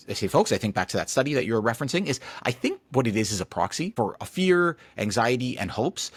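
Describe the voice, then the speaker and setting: Reflective man, low voice, dry sound. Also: husky, no room sound. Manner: reflective, talks with many fillers and restarts. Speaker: podcast guest. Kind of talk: casual conversation.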